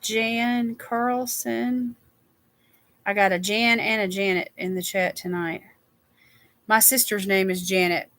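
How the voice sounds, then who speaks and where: Sixties woman hosting a livestream, relaxed unhurried chat, bright tone. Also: mid-range voice. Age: 60s. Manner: reads viewer names aloud. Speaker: livestream host. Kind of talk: casual chat with viewers.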